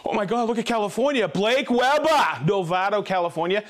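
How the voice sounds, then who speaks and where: High-voiced upbeat man reading shout-outs. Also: lively intonation, a little fast. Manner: upbeat, joking, trips over hard names. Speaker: host of a live tool stream.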